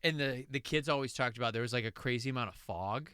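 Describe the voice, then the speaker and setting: A man's voice: medium pitch, quick pace, pushed and bright, clean tone, dry recording, clean studio sound. A man hosting a podcast, chatting casually about a movie and retelling scenes animatedly. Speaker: podcast host.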